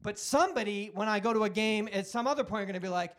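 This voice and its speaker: A man in his forties with a high-pitched voice chats on a podcast. He tells stories with animated energy, acting out shouted quotes and swearing freely as he goes. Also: quick pace. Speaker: podcast host. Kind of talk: casual chat.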